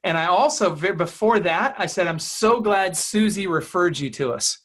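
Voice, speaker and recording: A man's voice: sits high, animated, moderate pace, a bit bright. A man coaching real estate agents in an interview, talking emphatically and acting out client dialogue.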